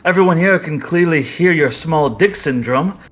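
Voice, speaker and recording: A man's voice: a little high, lively intonation, normal speed, a bit bright, faint music behind. A man voicing a composed, courteous male butler who speaks formally with dry wit. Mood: politely cutting.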